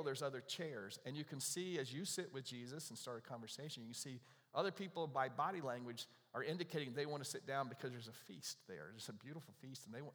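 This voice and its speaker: A man gives a sermon in a relaxed, conversational way, spinning stories and tossing in asides to his congregation. His voice sits at an ordinary middle pitch. The sound carries a long reverb from a large church sanctuary. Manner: conversational, lively storytelling with asides and laughs. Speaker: pastor.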